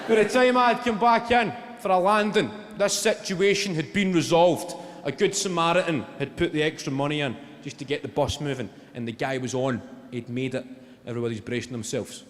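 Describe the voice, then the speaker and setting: A man in his twenties with a Glaswegian Scottish accent, doing a stand-up routine and telling stories in an animated, profane way. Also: a little high, fairly quick. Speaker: stand-up comedian. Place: live venue on stage. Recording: long hall reverb, loud ambience.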